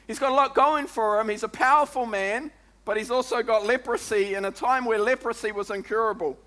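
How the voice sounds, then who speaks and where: Preaching fairly quickly, a New Zealand pastor addresses his congregation in a very high voice that rings bright and forceful. His sermon is lively and chatty, peppered with "come on" and "eh?"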